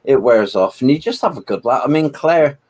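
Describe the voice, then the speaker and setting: A man's voice: mid-range voice, animated, brisk, a little mellow. A man co-hosting a live chat, mostly giving short agreements and teasing remarks. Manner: brief agreeing interjections, teasing. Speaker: co-host.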